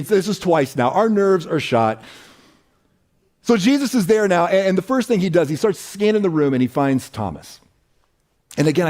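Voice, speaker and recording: A man preaching a casual, conversational sermon as pastor, repeating phrases for emphasis and dropping to a hush on key lines. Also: fairly high pitch. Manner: relaxed, repeats himself for emphasis, asks "right?".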